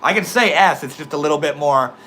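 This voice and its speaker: A man's voice: fairly high pitch, a little fast, sharp tone, a little hiss or hum. A young man with a slight lisp, talking casually to his livestream chat, laid-back and swearing freely. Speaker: livestream host reading chat.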